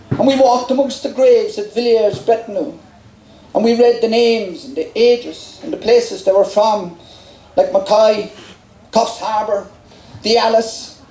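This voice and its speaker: A man's voice: high voice, a little slow, warm tone, roomy sound, poor audio. A middle-aged Irish man talking onstage at a festival, chatty and laughing along at his own family stories between songs. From Ireland. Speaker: folk singer and storyteller. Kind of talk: onstage storytelling with song. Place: outdoor festival stage.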